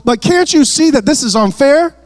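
A man's voice: extremely high pitch, expressive, moderate pace, voice pushed up. Exasperated busy hostess pleading for help, put on by a man in a raised voice. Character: frustrated busy woman hostess, complaining.

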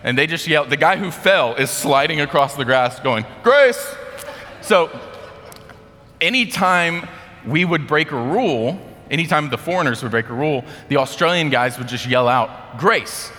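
A man's voice: a little high, normal speed, sharp tone, in a large hall. An American man giving a casual sermon, telling a story in a chatty way with lots of fillers. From United States. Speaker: speaker.

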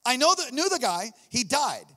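A high-pitched male pastor preaches to his congregation with animated swings from hushed asides to shouts. His voice rings with a long reverb from the church hall. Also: normal speed. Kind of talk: sermon.

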